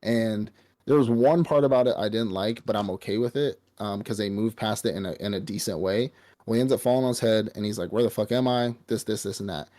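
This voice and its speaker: Guy with a lowish voice rambling thru an anime recap, swears a lot, laid back. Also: fairly quick, dark tone. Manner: rambling, profane storytelling with laughs. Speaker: podcast host. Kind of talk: casual anime recap chat.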